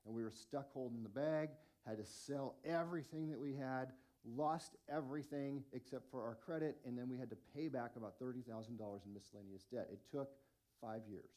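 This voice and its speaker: A man in his forties preaching a sermon as lead pastor, telling stories in an animated, self-mocking way. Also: medium pitch, brisk.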